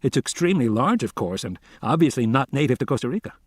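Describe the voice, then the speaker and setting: A man playing a chatty biologist who talks on and on, soothing and explaining, in an even middle-range voice. The sound is dry and close, with no room around it. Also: medium pitch, fast, breathy edge, no echo. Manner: talkative and explaining.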